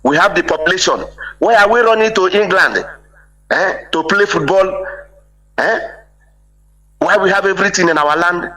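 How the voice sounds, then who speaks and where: A man's voice: high voice, normal speed, long pauses, bright, forceful tone, rough recording. A man calling in to a live broadcast and speaking emphatically, often breaking off with "eh?" to press his point. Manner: emphatic, repeats "eh?" for agreement. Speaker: caller. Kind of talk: impassioned call-in speech.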